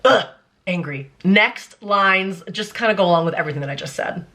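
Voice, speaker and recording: A young adult woman talking casually on her vlog, breaking down song lyrics in an emphatic, animated way with lots of "like" fillers. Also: mid-range voice, fairly quick, soft background music. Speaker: vlogger analyzing song lyrics. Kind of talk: casual commentary.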